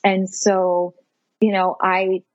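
A woman guest telling a personal story in an animated way, laughing often and saying "like" a lot, with a husky voice. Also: medium pitch, slow, no echo, muffled recording. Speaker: podcast guest.

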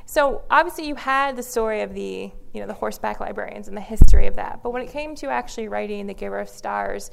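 A woman's voice: mid-range voice, fast talker, creaky, hardly any pauses, slight background noise, low-quality recording. A woman co-interviewing a guest in a casual chat, asking admiring questions.

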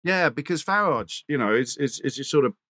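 A man's voice: medium pitch, expressive, brisk, a bit bright, dry recording, studio quality. A man who works as a radio presenter, telling anecdotes as an interview guest, fluent but full of restarts and acted quotes.

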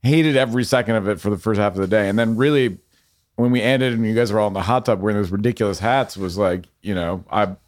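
A man's voice: fairly low pitch, fast talker. A man who is a guest filmmaker on a podcast, reflecting thoughtfully on the shoot in casual chat.

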